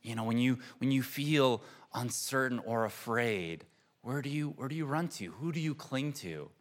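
A man in his thirties preaching a sermon in an earnest, reflective way, often repeating words and laughing softly. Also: mid-range voice, normal speed. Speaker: pastor.

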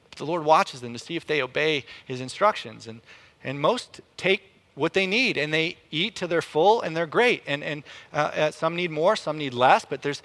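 Guy preaching a sermon, kinda high voice, animated, stumbles and repeats words. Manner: animated, rises in pitch and volume to act out quotes.

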